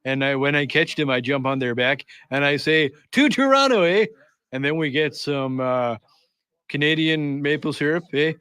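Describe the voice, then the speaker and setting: A goofy caricature of a Canadian man, as a radio co-host puts him on, sing-song and overdone, leaning on a tag at the end of each line. The voice sits a little high for a man. It is recorded dry and close. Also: lively intonation, fairly bright tone, no echo. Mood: joking. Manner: sing-song, exaggerated, ends lines with a drawn-out tag. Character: jokey stereotyped Canadian man tacking on "eh".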